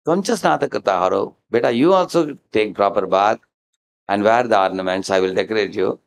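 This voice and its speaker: A man's voice: fairly low pitch, fairly quick, creaky, a little hiss or hum. A man giving a devotional lecture, acting out characters' lines and often asking the audience "huh?". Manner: animated storyteller, acting out dialogue and chanting verses; frequent questioning "huh?" to the audience. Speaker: devotional speaker.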